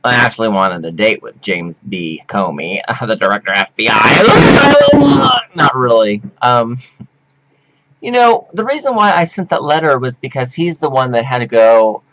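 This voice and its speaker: A man rambling theatrically to his webcam at home, whooping, giggling and flipping between shrill squeals and low mutters. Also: sing-song, a little slow, very noisy. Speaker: performance artist vlogger. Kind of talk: rambling camp monologue to webcam.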